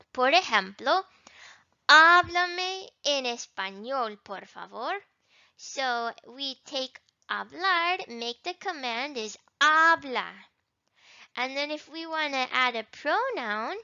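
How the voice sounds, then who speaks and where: Woman teacher doing an intro lesson, slow and careful, really bouncy high voice, kinda dull lo-fi sound. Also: bright, forceful tone, no echo. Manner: slow, careful modeling of Spanish words. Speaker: Spanish teacher.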